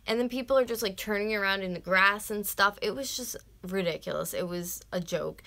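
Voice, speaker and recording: A vlogger in her twenties from North America rants on a casual live stream, dropping swear words and "like" freely and slipping into whispers at times. She speaks at medium pitch, briskly, with a gravelly, sharp tone.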